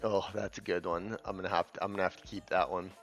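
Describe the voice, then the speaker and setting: In gaming commentary, a fast-talking man with a deep, fairly bright voice and little pitch movement rants scornfully at clips, swearing heavily in a heated, profane way. The audio is dull and lo-fi, with faint music underneath.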